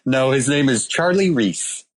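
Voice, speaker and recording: A man's voice: medium pitch, lively intonation, unhurried. A man co-hosting a casual podcast, telling a rambling story about a beer with lots of ums and uhs. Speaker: podcast co-host presenting a beer. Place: calling in from abroad.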